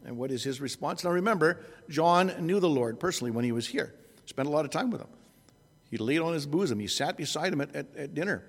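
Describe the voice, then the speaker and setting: A preacher in a reverberant hall. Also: male voice, a little high, animated, breathy edge. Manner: unhurried, with frequent restarts and self-corrections. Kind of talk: expository sermon.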